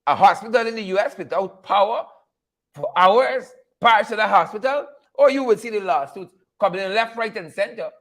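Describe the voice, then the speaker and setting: On his live stream, a Guyanese man greets viewers and rants in a sarcastic, preachy way. He sounds high-pitched and animated, with a fairly bright tone and a normal pace.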